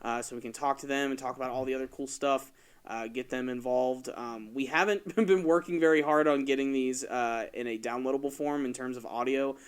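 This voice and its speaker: A man's voice: mid-range voice, fairly even intonation, a little fast, clear, resonant tone. A man in his twenties hosting a podcast, talking in a laid-back way full of fillers. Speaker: podcast host. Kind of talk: casual chat.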